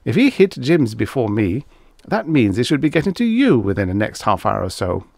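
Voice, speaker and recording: A man reading aloud, voicing an excitable adult man who stammers and sputters in a raised, rapid voice. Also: medium pitch, gravelly, dry recording, studio quality. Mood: agitated.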